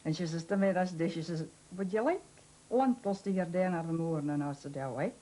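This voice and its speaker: A woman's voice: on the low side, fairly quick, rough recording. A woman from Moray, telling a funny anecdote and acting out both sides of the conversation. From Moray, Scotland. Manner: lively storyteller, acts out both sides of the conversation. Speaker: interviewee.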